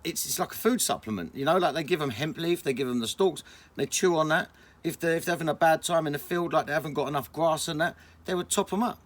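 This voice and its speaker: A young man, chatting casually and excitably on a vlog, full of slang. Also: fairly high pitch, fast talker. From England. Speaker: vlogger.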